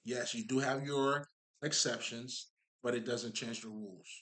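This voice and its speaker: A man's voice: mid-range voice, fairly even intonation, a little slow, a bit bright. A man giving a casual spiritual monologue, emphatic and profane, rambling with many fillers and asides to his listeners. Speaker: spiritual talker.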